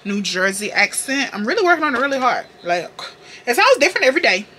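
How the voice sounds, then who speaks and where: A young woman from the Carolinas with a Southern accent talks through her makeup routine like she's chatting with friends. Her tone is bright and forward, full of sass, slang and cheerful swearing. She sounds close to the mic in a room at home. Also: on the high side, big pitch swings, fast, slight background noise. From North Carolina, US. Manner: sassy, profane, playful slang. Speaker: beauty vlogger. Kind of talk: casual makeup tutorial chat.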